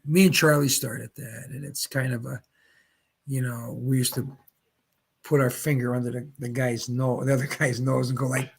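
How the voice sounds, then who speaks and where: Old guy rambling through bowling stories, gravelly and husky, a bit high voiced. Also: normal speed. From Pennsylvania, US. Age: 70s. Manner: rambling, animated anecdotes with restarts. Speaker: guest, retired pro bowler. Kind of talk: casual storytelling.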